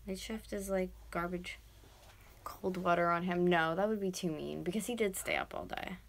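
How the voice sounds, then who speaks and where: A woman in her twenties from North America, chatting casually on a late-night livestream at home. She rambles with lots of fillers and sometimes yells loudly to wake someone. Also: fairly low pitch, fairly even intonation, normal speed, gravelly, slight background noise. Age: 20s. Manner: rambling, filler-heavy, breaks into loud yelling to wake someone. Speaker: vlogger livestreaming. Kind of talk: casual livestream chat while doing art.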